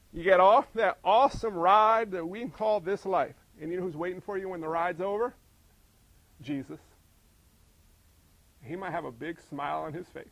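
A male pastor preaching a sermon, full of rhetorical questions and swinging between emphatic and hushed delivery. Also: sits high, dry recording, low-quality recording.

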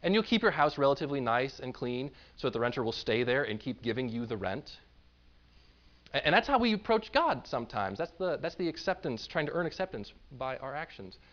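A man's voice: mid-range voice, big pitch swings, a little fast, fairly bright tone, muffled recording. A man preaching a sermon in a conversational way, now and then acting out the voices of the people he describes. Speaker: pastor.

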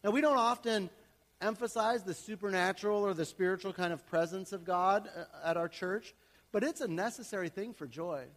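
A man in his thirties or forties, a pastor preaching a sermon to his church in a conversational way that swings between quiet, chatty asides and loud, emphatic passages. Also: high-pitched, a little fast. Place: church sanctuary. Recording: long hall reverb.

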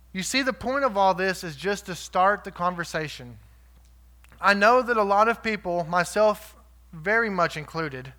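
Preaching in a bright, high-pitched voice, this lay preacher sounds sincere but chatty. Short rhetorical asides let him check in with his audience as the sermon goes on.

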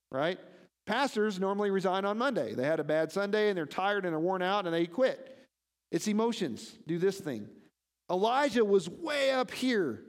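A man preaching a sermon as pastor, animated and often asking his listeners questions. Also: high-pitched, in a large hall. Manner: animated, asks the congregation questions.

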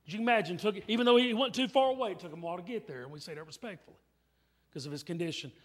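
A man's voice: sits high, racing, long reverb tail. A man preaching a revival sermon in church, telling a story emphatically and repeating his phrases. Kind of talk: revival sermon with altar call. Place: church sanctuary.

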